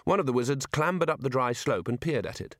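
Expressive male audiobook narrator, dry sound. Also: mid-range voice, fast, dry recording. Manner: wry, expressive storytelling. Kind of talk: scripted narration.

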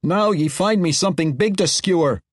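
A man's voice: high-pitched, normal speed, no room sound, studio quality, pitched above the performer's own voice. A man voicing a feisty, boastful female dwarf spear-thrower with a dwarven brogue. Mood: brash. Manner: boastful, brash.

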